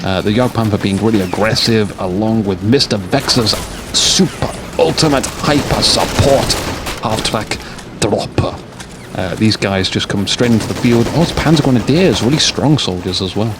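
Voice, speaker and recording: Late at night, a weary game caster covers a strategy war game in a lowish voice, speaking a little fast with barely a pause. Gunfire and rumbling vehicles from the game fill the background as he jokes around and drifts off topic between play calls.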